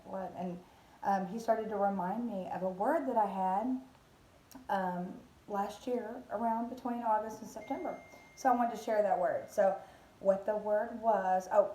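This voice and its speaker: A woman's voice: mid-range voice, mellow. A woman giving a casual devotional talk as a Christian vlogger, rambling with many fillers and restarts. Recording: roomy echo.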